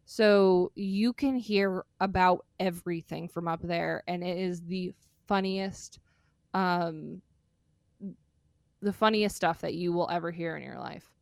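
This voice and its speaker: A woman's voice: on the low side, fairly even intonation, slow, creaky, no echo, clean studio sound. Young woman rambling with enthusiasm. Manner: enthusiastic, rambling, laughs while talking. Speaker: podcast co-host. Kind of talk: casual chat.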